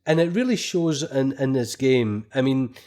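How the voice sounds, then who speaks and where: A man's voice: mid-range voice, animated, normal speed, dark tone. A man co-hosting a podcast, talking casually and enthusiastically about retro games. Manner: enthusiastic, chatty, reads quotes aloud. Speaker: podcast co-host. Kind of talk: casual retro gaming chat.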